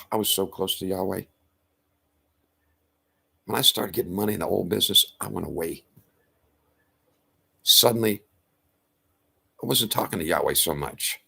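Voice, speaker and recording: A man's voice: lowish voice, gravelly, fairly bright tone. A man ranting to camera in a profane, confrontational, rambling way. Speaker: vlogger.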